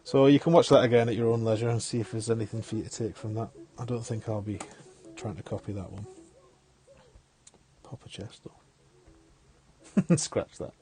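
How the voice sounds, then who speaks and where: Low, mellow-voiced streamer. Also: male voice, fairly even intonation, moderate pace, long pauses. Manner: chatty, thinks aloud, chuckles often. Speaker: game streamer. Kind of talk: casual live-stream gameplay commentary.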